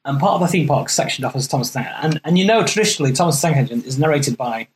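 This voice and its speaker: A woman co-hosting a podcast, jokey and lively, telling stories in casual chat. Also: sits low, rapid-fire. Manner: lively, jokey storyteller, playful voices. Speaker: podcast co-host.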